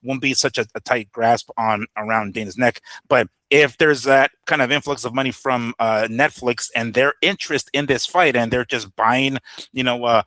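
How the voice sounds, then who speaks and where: A man with a bright, forceful, mid-pitched voice co-hosts a boxing discussion. He thinks out loud, hesitant, with many 'uh's and 'right?'s. He is recorded dry and close. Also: normal speed, no echo. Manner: hesitant, thinking aloud with fillers. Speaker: boxing show co-host. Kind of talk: casual chat.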